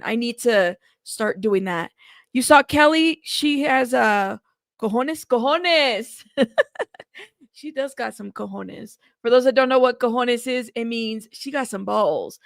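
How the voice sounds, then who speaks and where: A woman's voice: a little high, moderate pace, creaky, dry recording, studio quality. A woman hosting a casual livestream, greeting viewers by name and chatting with frequent laughs. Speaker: livestream news host. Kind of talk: casual live chat reading comments.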